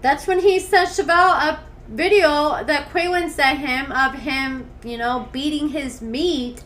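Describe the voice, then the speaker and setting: A woman with a high voice recaps drama into a desktop studio mic. She is blunt and candid and drops sarcastic asides between the messages she reads aloud. A faint hiss sits under her voice. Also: a little slow, a bit bright. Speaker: commentary channel host. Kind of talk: gossip commentary, reading messages aloud. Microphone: desktop USB studio mic.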